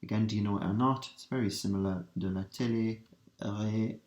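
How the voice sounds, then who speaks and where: A man teaching a revision lesson, working through translations step by step and asking his students quick questions. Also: fairly low pitch, steady tone, darkish tone. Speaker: language teacher. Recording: roomy echo.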